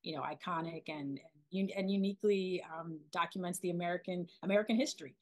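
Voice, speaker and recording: A woman in her forties from Philadelphia, a documentary filmmaker being interviewed, talking in an animated way with many restarts and fillers. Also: fairly low pitch, quick pace. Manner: animated, lots of restarts and "you know". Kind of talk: casual interview storytelling.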